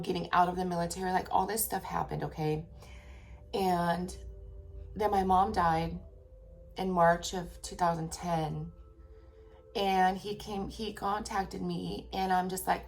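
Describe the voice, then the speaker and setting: A woman's voice: on the low side, creaky. A woman in her thirties or forties telling a personal story to camera in a candid, rambling way, repeating herself and swearing casually. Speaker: tarot vlogger.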